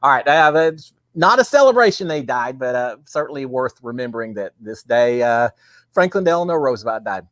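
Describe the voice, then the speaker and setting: A man's voice: medium pitch, expressive, brisk, a bit bright, no room sound, clean studio sound. A man hosts a casual, chatty livestream. He talks with enthusiasm and plenty of fillers. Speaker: host.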